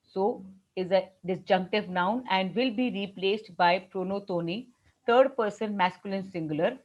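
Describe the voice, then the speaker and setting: A woman's voice: mid-range voice, moderate pace, a little mellow, dull audio. Indian woman teaching French grammar. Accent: Indian English. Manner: patient, explains step by step and repeats rules. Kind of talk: classroom grammar lesson.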